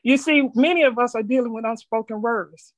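A middle-aged woman reading a personal reflection aloud to a group, earnest and measured, stumbling now and then. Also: fairly high pitch, no echo. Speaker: speaker sharing her story.

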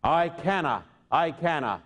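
A man's voice: on the high side, expressive, unhurried, fairly bright tone. A preacher voicing a defiant little boy. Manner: firm, defiant repetition. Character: stubborn little Scottish boy refusing to betray.

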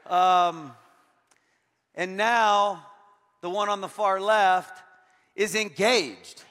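A middle-aged man preaching as a guest pastor, lively and joking, turning earnest. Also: sits high, very slow, pauses often, some chatter behind, slight background noise. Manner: energetic and joking, switching to earnest. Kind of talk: sermon. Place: large church hall. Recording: long hall reverb.

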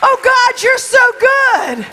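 A woman's voice: extremely high pitch, big pitch swings, slow pace, bright, forceful tone, some chatter behind, slight background noise, voice pushed up, full character voice. A woman preacher voicing a grateful young foreign widow who pours out an emotional, exclaiming prayer to God. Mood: overjoyed, tearful. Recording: long reverb in a large hall.

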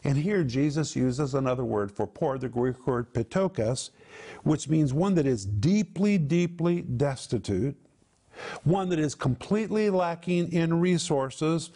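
Brief: male TV Bible teacher, emphatic and explanatory, a little higher-pitched than most men. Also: lively intonation, measured pace, mellow. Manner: emphatic, explains word meanings, repeats for stress.

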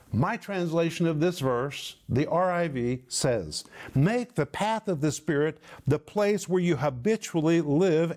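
A man giving a televised Bible teaching, emphatic and slowing down to stress key words. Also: on the high side, a little mellow.

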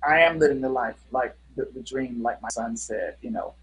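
A man's voice: mid-range voice, normal speed, a bit bright, a little hiss or hum, low-quality recording. A middle-aged man, a guest musician, telling stories in a casual interview with an earnest manner and many fillers.

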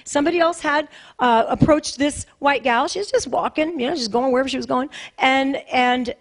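Woman pastor, pretty high voice, preaching hard, keeps repeating herself for emphasis. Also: normal speed. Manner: emphatic and repetitive, conversational preaching. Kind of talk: sermon.

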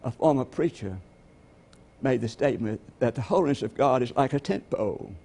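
A man's voice: mid-range voice, lively intonation, brisk, vocal fry, mellow. A man preaching a sermon as pastor, telling stories and asking the congregation rhetorical questions.

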